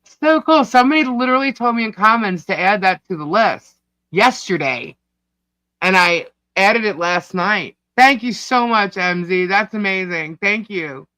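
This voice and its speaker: Bright-toned New York man chatting live. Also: high voice, no echo. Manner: scattered, talks while reading chat comments. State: hiccups. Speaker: livestream co-host. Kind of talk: casual live-stream chat.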